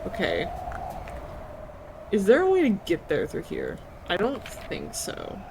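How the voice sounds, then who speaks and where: A woman's voice: medium pitch, huge pitch swings, slow pace, vocal fry, background noise. A woman streaming a cozy video game, chatting casually, thinking aloud and giggling often. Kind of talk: casual gameplay commentary.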